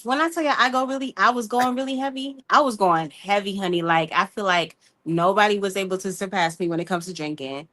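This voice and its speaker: A woman, telling her story in a casual group chat in an animated, talkative way. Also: mid-range voice, brisk, few pauses. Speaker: podcast guest.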